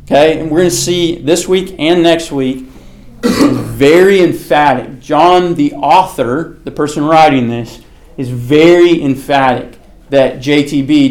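A man's voice: medium pitch, a little mellow. Male Bible study teacher, casual and conversational, asks questions of the class, lots of filler words. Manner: frequent fillers like "okay" and "like".

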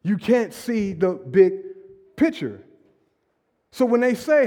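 Man, preacher, very high voice, lively preaching, echoing hall. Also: moderate pace. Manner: animated, conversational preaching with sudden loud emphasis. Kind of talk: sermon. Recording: long hall reverb.

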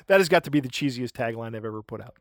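A man hosting a podcast, talking in a rambling, animated way and stopping to search for words. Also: mid-range voice, rapid-fire, no room sound, clean studio sound. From United States. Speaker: podcast host. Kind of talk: casual podcast chat.

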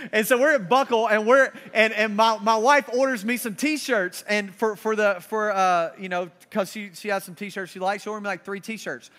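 Animated, high-voiced young male preacher. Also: normal speed. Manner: animated storyteller, swings between loud and hushed. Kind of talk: sermon with personal stories.

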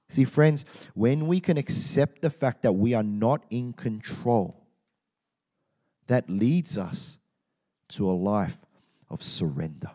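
Animated Australian male pastor. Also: mid-range voice. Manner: animated, joking storytelling with laughs. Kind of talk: sermon.

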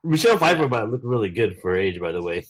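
A man co-hosting a casual chat, talking in a relaxed, rambling way with many fillers. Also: on the low side, fast, breathy edge. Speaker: podcast co-host.

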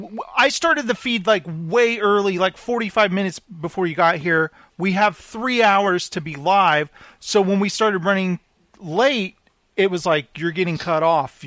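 A man hosting a pop culture podcast, rambling in a goofy, excitable way. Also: sits high, dry recording. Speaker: podcast host. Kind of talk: casual podcast chat.

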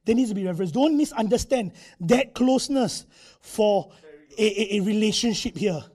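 A man's voice: sits high, lively intonation, normal speed, darkish tone. A male preacher, giving a conversational sermon in a church, acting out quotes and using tag particles.

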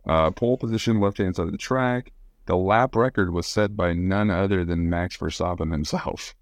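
A man with a very deep voice co-hosting a casual podcast. He jokes around and reels off track facts, and the sound is dry and close. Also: normal speed, no echo. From Louisiana. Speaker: podcast co-host. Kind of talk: casual chat.

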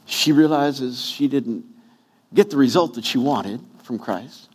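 A man's voice: mid-range voice, a little slow, darkish tone, husky. A pastor preaching a sermon, acting out quotes with wide swings in his voice.

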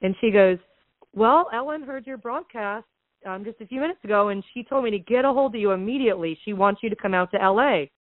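A woman retells a story with lots of energy, slipping into the voices of the people she quotes. Her voice is mid-pitched and comes through a narrow, phone-like line. The sound is dry, with no room around it. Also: fast talker, few pauses, no room sound. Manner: animated retelling that acts out quoted dialogue. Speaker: podcast guest, real estate investor. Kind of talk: casual storytelling.

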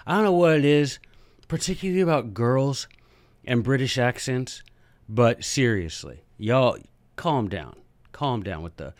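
A man hosting a podcast, telling a story in a chatty, animated way with jokey asides. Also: lowish voice, no echo. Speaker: podcast host and teacher. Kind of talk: casual storytelling monologue.

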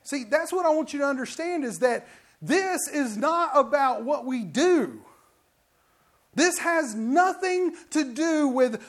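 Pastor with a high-pitched voice, preaching, acts out quotes in his stories. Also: animated, slow. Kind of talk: sermon.

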